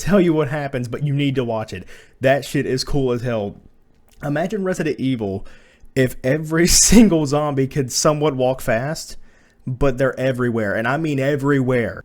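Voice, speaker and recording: A man's voice: mid-range voice, a little mellow. A man giving a casual spoken movie review, blunt and profane, slipping into exasperated rants.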